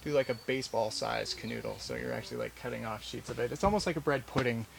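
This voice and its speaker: A man's voice: medium pitch, very animated, fast talker, gravelly, slight background noise. Chatty man chef teaching a class. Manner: rambling, chatty, many fillers and restarts. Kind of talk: casual live cooking demonstration. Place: farm kitchen class with audience.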